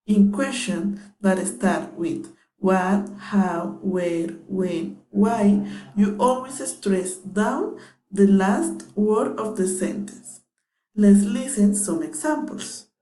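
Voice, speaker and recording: A woman's voice: mid-range voice, slow pace, mellow. A young woman whose first language is Spanish, reading a scripted lesson as a student teacher in a careful, read-aloud way. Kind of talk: scripted narration. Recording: echoey room.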